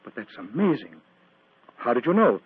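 A man's voice: medium pitch, sing-song, normal speed, breathy edge, dry recording. An actor playing an agitated male clergyman in 1940s radio-drama style, speaking in an earnest, anxious and imploring way. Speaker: reverend. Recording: tinny, dry old radio broadcast.

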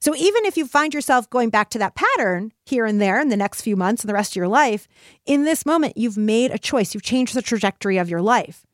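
A woman with a fairly high voice talks through her solo podcast in an earnest, encouraging way. She slips into quoted inner voices along the way. The recording is close and dry, with almost no room sound. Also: big pitch swings, fairly quick, no echo. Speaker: podcast host.

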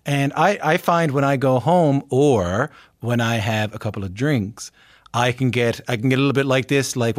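A man's voice: mid-range voice, fairly even intonation, normal speed, dry recording. Chatty host guy from newfoundland, casual and loose, dry close mic. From Newfoundland, Canada. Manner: easygoing, chatty, with frequent fillers. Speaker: interview host. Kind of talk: casual conversational interviewing.

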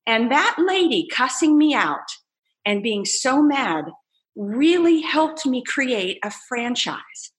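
A woman entrepreneur telling her story in a casual interview, animated and laughing as she acts out quoted voices. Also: high voice, takes it slowly. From United States. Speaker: entrepreneur guest.

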